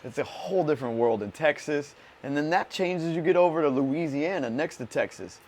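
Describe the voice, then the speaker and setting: A man's voice: on the high side, expressive, fairly quick, a little mellow. A man hosting a podcast, chatting casually in a loose, profane, slangy way. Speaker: podcast host. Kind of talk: casual chat.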